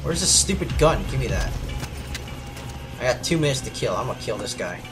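Excitable man with lively pitch over game music. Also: brisk. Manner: excitable, shrieking reactions and muttered asides. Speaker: gaming video host. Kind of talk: let's play commentary. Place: at a computer, keyboard audible. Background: game music and sounds.

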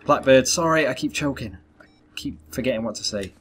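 A young gaming YouTuber speaks a little fast in a mid-range voice with a fairly bright tone, commentating live on his gameplay. He talks to viewers and groans at misses, with a little hiss or hum and faint gunfire and game sounds in the background.

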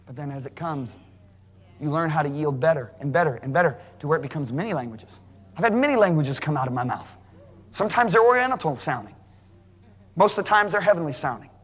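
A man preaching a sermon to a congregation, emphatic and rising to near shouting at high points. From United States. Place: large church hall. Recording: live sermon in a reverberant hall.

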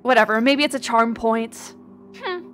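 Woman streamer, slow unhurried chat, rambling and swearing, laughing often, reading out viewer names, faint music behind. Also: on the high side, expressive, fairly bright tone. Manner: reads out chat names and thanks. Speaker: VTuber streamer. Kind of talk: casual livestream chat.

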